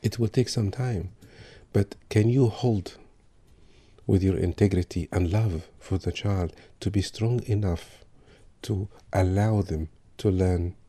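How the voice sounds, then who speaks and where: A man giving calm parenting advice with examples. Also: low voice, takes it slowly, breathy edge. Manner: calm, advisory, gives examples. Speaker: parenting speaker. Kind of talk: talk on parenting.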